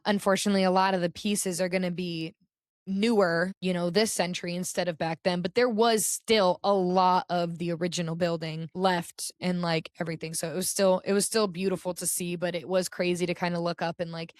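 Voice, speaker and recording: A woman's voice: lowish voice, no room sound. Chatty young American woman, dry sound. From United States. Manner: chatty, lots of filler words. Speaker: podcast co-host. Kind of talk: casual chat.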